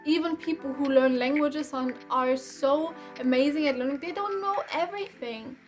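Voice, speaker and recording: A woman's voice: sits high, normal speed, faint music behind. A young woman from Germany with a German accent, giving a casual, rambling tarot reading with frequent restarts and light laughs. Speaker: tarot reader.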